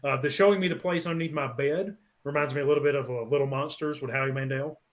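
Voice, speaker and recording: A man's voice: mid-range voice, fairly even intonation, fast. Man, podcast co-host, casual chat, rambling, lots of ums, track-by-track review. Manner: rambling, many ums, lists songs one by one.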